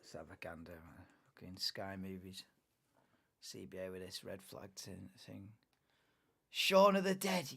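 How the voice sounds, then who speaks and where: A man's voice: low-pitched, lively intonation, a little slow, creaky, long pauses, fairly bright tone, husky. A young man hosting a live race watchalong, chatting casually, muttering asides and swearing freely.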